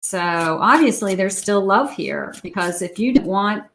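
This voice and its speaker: Slow, musing woman tarot reader. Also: medium pitch, animated, vocal fry, low-quality recording. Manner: slow, musing, talks to the viewer. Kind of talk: tarot reading to camera.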